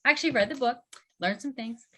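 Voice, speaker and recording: A woman's voice: a little high, fast talker, sharp tone, breathy edge. A woman with a Southern US accent hosting a casual book club webinar, chatty and full of fillers. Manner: chatty, filler-heavy, laughing often. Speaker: host.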